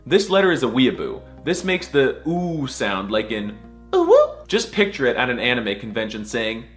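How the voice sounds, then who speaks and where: A man's voice: medium pitch, big pitch swings, normal speed, a bit bright, soft background music. A man giving a mock-serious comedic lesson, with sarcastic asides and exaggerated repeated sounds. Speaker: comic language teacher.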